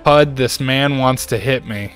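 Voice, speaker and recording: A man streaming a game and chatting casually, ranting in an animated way and jumping to high exclaims. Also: unhurried, clean tone, soft background music. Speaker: gaming streamer. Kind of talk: casual chat while playing a game.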